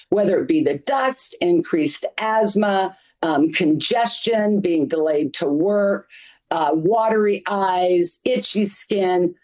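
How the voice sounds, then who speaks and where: Low-voiced, earnest woman advocate. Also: darkish tone, poor audio. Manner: earnest, emphatic, piles up lists. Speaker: interview guest, community advocate. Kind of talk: news interview answers.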